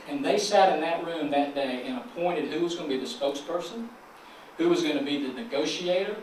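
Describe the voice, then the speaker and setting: Delivering a keynote to local officials, a chamber of commerce president with a mid-range voice and Southern US accent talks fairly quickly. He keeps it folksy and joking, prompting call and response from the audience. The recording is distant and echoey, from a large conference hall, with slight background noise.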